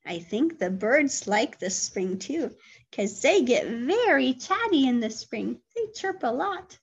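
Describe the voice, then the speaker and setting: A woman teacher reading a picture book aloud to toddlers, gentle and full of questions, with animated sound effects. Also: high voice, slow, breathy edge, lo-fi sound. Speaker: early childhood teacher.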